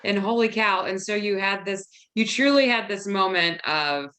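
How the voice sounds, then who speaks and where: A woman with a mid-range voice hosting a podcast interview. She talks casually and responds with encouragement. Her voice is neither high nor low. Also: normal speed, fairly bright tone. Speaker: podcast host.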